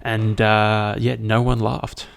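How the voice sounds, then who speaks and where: Gravelly, low-voiced man rambling. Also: flat delivery, slow pace. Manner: rambling, profane, self-mocking. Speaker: podcast host. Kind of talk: casual solo podcast monologue.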